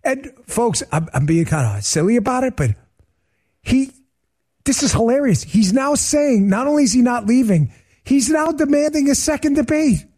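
High-voiced guy hosting a podcast, jokey rant, swings his pitch all over. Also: breathy edge. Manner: animated, joking, talks to his producer mid-show. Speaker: podcast host. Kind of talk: casual political rant.

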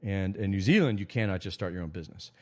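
A man from America hosting a casual livestream monologue, rambling with frequent restarts and sudden jumps in pitch. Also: quick pace. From United States. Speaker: host.

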